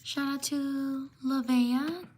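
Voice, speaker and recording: Female livestream host, high and flat delivery, unhurried shout-out reading. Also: background noise. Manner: slow, steady listing of names with quick apologies. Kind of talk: live stream shout-outs.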